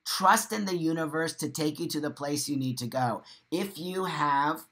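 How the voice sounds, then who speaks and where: A man's voice: a little high, moderate pace, few pauses, a bit bright, low-quality recording. An impassioned man hosts a live morning stream and speaks directly to his audience. He talks bluntly and emphatically, with free swearing and repeated lines for stress. He breaks into laughter between points. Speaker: host of a live morning show. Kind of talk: impassioned livestream monologue.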